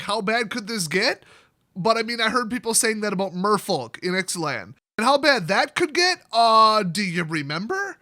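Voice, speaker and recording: A man's voice: sits high, bright, forceful tone, no room sound, studio quality. A man hosting a comedic card-review vlog, sarcastic and ranting, with jokey asides. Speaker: card game video host.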